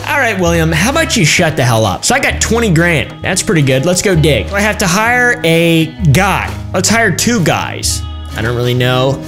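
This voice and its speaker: A man's voice: fairly high pitch, sing-song, moderate pace, a bit bright. A young man giving casual, crude, joking commentary while playing a game, swearing often. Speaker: gaming YouTuber. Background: game music.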